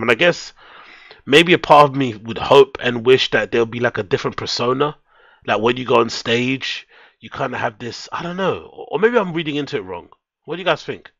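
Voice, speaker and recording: A man's voice: mid-range voice, a little fast, vocal fry, a bit bright, no room sound. Laid-back streamer, swears a lot, chats to his viewers over a dull, dry, lo-fi headset mic. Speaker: live streamer. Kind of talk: casual live-stream chat. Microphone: headset microphone.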